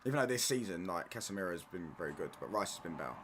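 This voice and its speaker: A man's voice: deep voice, animated, rapid-fire, fairly bright tone, slight background noise. A young man chatting casually on a football watchalong stream, reading chat and bantering in slang with stop-start restarts.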